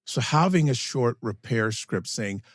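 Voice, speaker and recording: A man with a mid-pitched voice co-hosts a casual fatherhood talk. He speaks in an affirming tone and sometimes clips his words and restarts them. The recording is dry and close. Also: expressive, measured pace, no room sound. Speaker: podcast co-host. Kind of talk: casual parenting advice chat.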